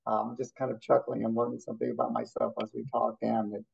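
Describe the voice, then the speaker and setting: A man's voice: fairly low pitch, very animated, quick pace, gravelly, a little mellow, slightly rough, highs cut off. A man, a therapist guest, talking bluntly and telling stories in a casual interview. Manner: blunt, storytelling, competitive.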